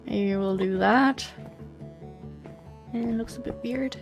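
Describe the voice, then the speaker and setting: A woman's voice: a little high, slow pace, over music. A woman with a slight German accent, thinking aloud as she hosts a casual gameplay commentary, musing and hesitant. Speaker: let's play host.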